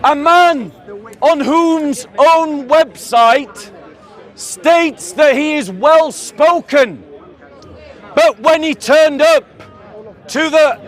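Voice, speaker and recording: A man with a southern English accent, giving a declamatory public speech to a crowd outdoors and calling them ladies and gentlemen. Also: extremely high pitch, extremely slow, pauses often. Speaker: street preacher.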